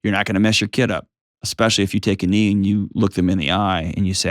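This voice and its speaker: A man in his forties hosting a call-in advice show, calm, reassuring and emphatic as he coaches a caller. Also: deep voice, fast, dry recording, clean studio sound. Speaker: host.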